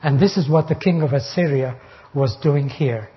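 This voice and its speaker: A man's voice: a little high, moderate pace. Emphatic older male preacher, lo-fi. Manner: emphatic, rising sharply on quoted taunts. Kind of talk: expository Bible sermon. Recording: dull lo-fi recording.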